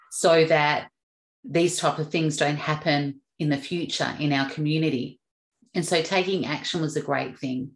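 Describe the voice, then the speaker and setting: Lowish-voiced woman giving a motivational talk. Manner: upbeat, acts out examples with animated shifts. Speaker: podcast host. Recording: echoey room.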